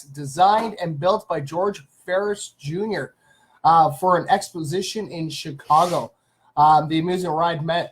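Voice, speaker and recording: A Canadian man hosts a casual live stream from a small home studio, reading out viewers' names to greet them and rambling through facts with lots of fillers. His voice is a little high and slightly rough, and the recording quality is low.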